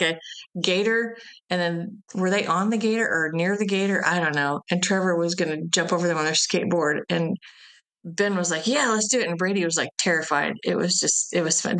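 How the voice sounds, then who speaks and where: Guest, woman, event director; lower voice, loose storytelling with laughs. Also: normal speed, fairly bright tone. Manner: rambling, laughs while telling stories. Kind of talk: casual interview chat.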